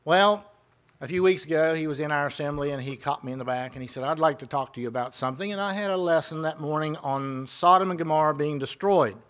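Preacher, slightly high male voice. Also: a little fast, a bit bright, clear, resonant tone. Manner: conversational, retells exchanges and asks rhetorical questions. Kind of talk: sermon.

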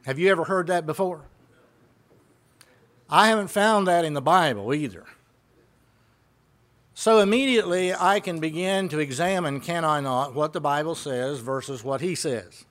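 Male preacher, somewhat high voice, chatty sermon full of questions to the flock. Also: moderate pace, a bit bright. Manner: conversational, retells exchanges and asks rhetorical questions.

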